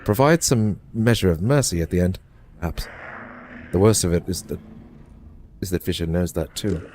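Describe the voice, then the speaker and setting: Grim british scientist guy reading his journal, slow and solemn, low voice, faint hum behind, streamer putting on the accent. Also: darkish tone, lightly acted. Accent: put-on British.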